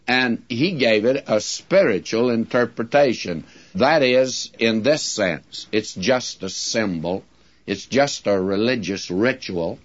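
This Bible-study sermon comes from a man with a lowish voice, recorded with the highs cut off. He preaches in a slow, deliberate, folksy way and addresses listeners directly.

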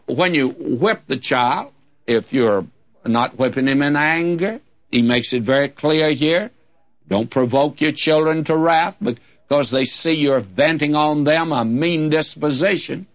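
An older man preaching a sermon as a pastor, folksy and humorous, quoting scripture. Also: a little high. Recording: dull lo-fi old recording.

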